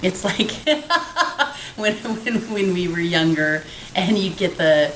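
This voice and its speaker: A middle-aged woman with a slightly low voice talks through a classic movie with her co-host. She laughs easily and often breaks off to restart her sentences. Faint noise sits under her voice. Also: expressive, slow pace, fairly bright tone, low-quality recording. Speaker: podcast co-host. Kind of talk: casual film discussion.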